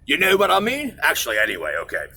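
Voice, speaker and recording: A man's voice: a little high, wildly swooping pitch, fast, vocal fry, pushed and bright, breathy edge. A middle-aged man from Kansas hosting his own show, rambling through a story in a digressive, self-mocking way. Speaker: show host. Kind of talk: casual rambling monologue.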